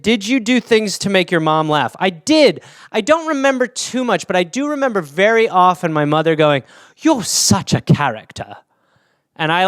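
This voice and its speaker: A man's voice: high-pitched, a bit bright, smooth, no echo, studio quality. A man hosting a casual solo podcast, rambling through anecdotes with plenty of swearing. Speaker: podcast host.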